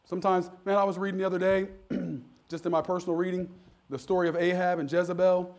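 Man, pastor, sermon, high voice, folksy, emphatic, church. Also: flat delivery, fast, a little mellow. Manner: folksy, joking, rises to emphatic preaching.

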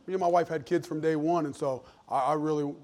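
Pastor, forties, preaching earnest and emphatic, slightly higher voice, folksy restarts. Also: male voice, fairly even intonation, fast talker, darkish tone. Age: 40s. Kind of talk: sermon.

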